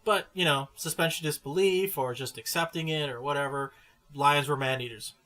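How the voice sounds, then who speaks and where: A man's voice: fairly high pitch, fairly quick, bright, forceful tone. A man co-hosting a casual movie review podcast, chatty and often restarting his words. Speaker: podcast co-host.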